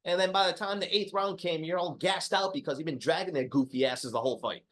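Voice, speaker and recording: A man co-hosting a podcast as a boxing historian, telling stories in a loose, profane, lively way. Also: a little high, fast talker. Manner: lively, profane storytelling with laughs. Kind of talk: casual podcast chat.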